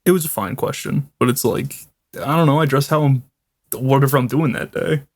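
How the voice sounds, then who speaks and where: A man's voice: medium pitch, brisk. A man making dry, matter-of-fact remarks in casual comedy podcast banter.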